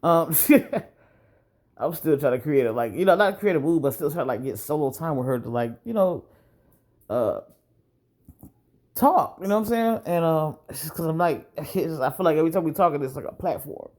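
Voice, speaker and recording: A man vlogger telling a rambling, profane story in a casual monologue, often clearing his throat. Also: a little high, expressive, normal speed, darkish tone.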